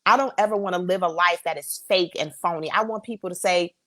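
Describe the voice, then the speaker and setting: A woman's voice: on the low side, a little fast, pushed and bright. A woman answering interview questions, earnest and emphatic, speaking with faith. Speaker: guest.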